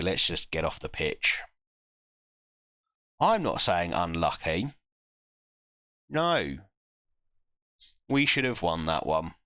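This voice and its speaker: A man streaming a football management game, reacting live with self-mocking groans and quick asides to chat. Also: low voice, sharp tone, dry recording.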